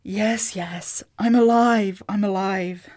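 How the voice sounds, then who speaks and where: A woman voicing a practical, impatient farm woman who speaks in a brisk, matter-of-fact way. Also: medium pitch, steady tone, darkish tone, natural voice.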